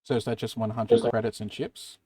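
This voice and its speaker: A man's voice: mid-range voice, steady tone, brisk, dark tone, husky, no echo. A man playing a tabletop game, playfully mixing his character's moves with in-character lines. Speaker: player.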